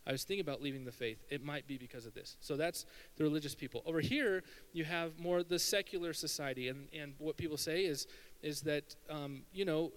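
A man preaching a sermon in an animated, conversational way, with dramatic pauses. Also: on the high side, poor audio. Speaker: pastor.

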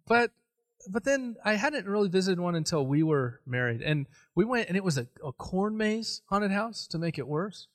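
Animated, high-voiced male preacher. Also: moderate pace, no echo. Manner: animated, self-deprecating storyteller. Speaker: pastor. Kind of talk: sermon with personal storytelling.

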